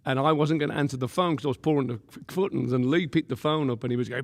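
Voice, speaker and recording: Gravelly pastor telling a story. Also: male voice, a little high, quick pace. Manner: lively, laughing often, acts out quotes. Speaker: pastor and guest. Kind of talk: animated storytelling. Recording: long room reverb.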